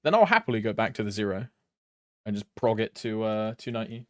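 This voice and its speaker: Young British male streamer, casual chatter with lots of pitch movement, dry close sound. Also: sing-song, brisk, a bit bright, dry recording. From Britain. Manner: rambling, swears casually, chats with viewers while playing. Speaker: game streamer. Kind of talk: casual live-stream chat.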